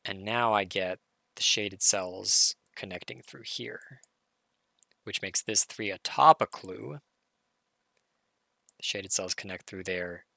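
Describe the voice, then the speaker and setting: A hoarse man solving a logic puzzle live, muttering through his reasoning and self-correcting as he goes. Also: low voice, bright, forceful tone, dry recording, clean studio sound. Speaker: puzzle streamer. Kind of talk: thinking-aloud live puzzle solve.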